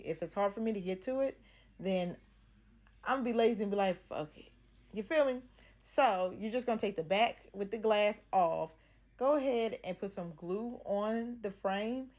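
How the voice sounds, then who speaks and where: A woman's voice: mid-range voice, a little mellow. A young woman vlogger talking through a craft tutorial in a casual, playful, slangy way.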